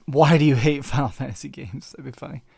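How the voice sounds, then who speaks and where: A man's voice: mid-range voice, fast, creaky, a little mellow, breathy edge. A young man hosting a casual live stream, reading super chats with joking, self-mocking rambling. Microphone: desk mic with face cam.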